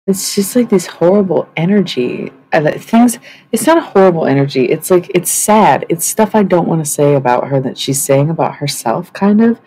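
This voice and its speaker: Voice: medium pitch, expressive, moderate pace, mellow, breathy edge, rough recording. A livestreamer talking casually and swearing a lot, rambling with many fillers while claiming to channel spirits. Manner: rambling, profane, lots of fillers.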